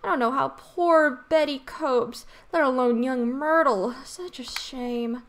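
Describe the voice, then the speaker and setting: A woman's voice: high voice, takes it slowly, a little hiss or hum. A woman voicing a gossipy, kindly old neighbor woman as she reads a game's dialogue aloud, in a fussy, confiding way. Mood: gossiping. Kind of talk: reading game dialogue aloud.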